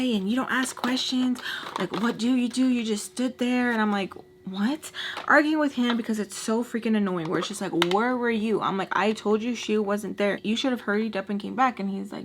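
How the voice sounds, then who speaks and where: A woman's voice: mid-range voice, slight background noise. Chatty woman telling a storytime. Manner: chatty, filler-heavy, animated when quoting arguments. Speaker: storytime vlogger. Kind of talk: casual storytime.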